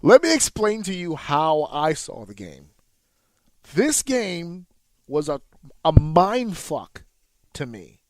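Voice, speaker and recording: A man's voice: a little high, huge pitch swings, takes it slowly, long pauses, no echo. A man co-hosting a podcast, telling a casual, profane story and acting out his own reactions. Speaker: podcast co-host. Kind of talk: casual chat.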